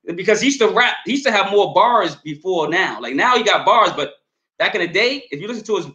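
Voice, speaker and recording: Fast-talking animated man in echoey room. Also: high voice. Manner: fast, animated, repeats words, frequent "you know what I'm saying". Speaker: podcast co-host reviewing albums. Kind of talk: casual chat.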